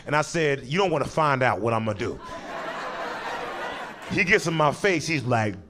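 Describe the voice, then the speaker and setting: Stand-up comic, male, lively pitch, jumps into character voices, faint room noise behind. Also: a crowd in the background. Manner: animated, acts out characters in quick voices, breaks into laughter. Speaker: stand-up comedian. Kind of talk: stand-up storytelling.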